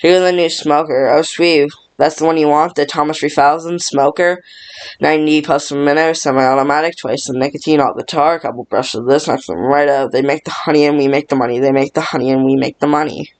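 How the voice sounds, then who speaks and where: A man's voice: on the high side, fairly even intonation, fairly quick, lightly acted. A man reading the part of a greedy male beekeeper boasting like a salesman. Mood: boastful.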